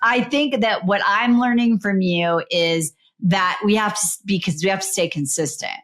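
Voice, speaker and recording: A woman's voice: mid-range voice, normal speed, fairly bright tone. A woman hosting a podcast, chatting in an enthusiastic, rambling way. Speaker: podcast host. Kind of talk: casual interview chat.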